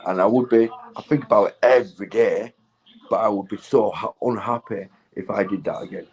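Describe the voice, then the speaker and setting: A man's voice: lowish voice, fairly quick, darkish tone, rough recording. A man, stoned, rambling in a casual vlog monologue, swearing heavily and laughing often. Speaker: vlogger.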